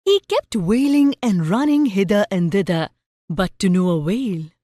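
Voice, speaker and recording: Slow, expressive woman teacher narrating a story. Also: mid-range voice, no echo, clean studio sound.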